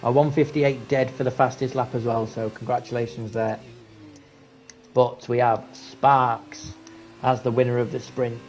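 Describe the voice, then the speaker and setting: A man giving casual live commentary on a sim racing event, chatty and excitable at close battles. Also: mid-range voice, a little slow, a little hiss or hum. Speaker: race commentator.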